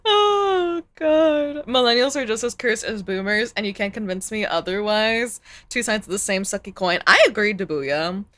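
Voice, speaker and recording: A woman streamer in casual live-stream chat, animated, groaning and laughing as she reacts to clips. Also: medium pitch, moderate pace, few pauses.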